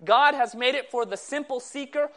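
A man preaching a sermon to a live audience, calling for amens and asking the crowd questions, after a hushed, low opening prayer. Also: moderate pace. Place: meeting hall with live audience.

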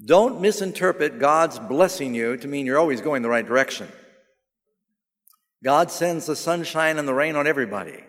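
A man preaching a sermon, telling stories with humor and rising to emphatic, animated delivery. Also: fairly high pitch, moderate pace. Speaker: pastor. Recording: long hall reverb.

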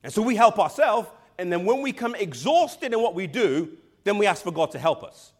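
High-voiced male preacher, emphatic sermon. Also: big pitch swings. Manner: emphatic, slows down for emphasis and drops to a hush; addresses the congregation directly.

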